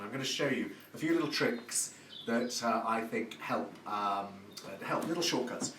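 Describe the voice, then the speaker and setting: A man hosts a live cooking demonstration from his home kitchen, chatty and effusive and heaping on praise words. His medium-pitched voice is animated and a bit bright at a moderate pace, and the distant mic picks up an echoey room and background noise.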